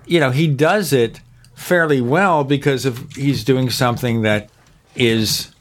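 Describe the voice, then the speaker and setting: A man's voice: mid-range voice, unhurried, slight background noise. A man hosting a podcast in casual chat, talkative and opinionated, piling up examples. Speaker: podcast host. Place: home in Arizona.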